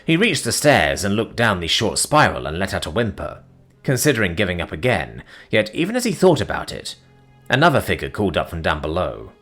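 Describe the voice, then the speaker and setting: A man narrating a science fiction story in a dramatic, expressive manner. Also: deep voice, a little fast, husky, faint music behind.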